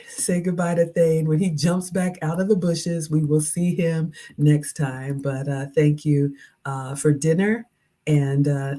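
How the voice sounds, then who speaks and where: A woman's voice: low voice, dark tone. A woman, hosting a casual livestream, chatting, reading viewer comments aloud and laughing at herself. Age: 40s. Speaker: livestream host reviewing a restaurant.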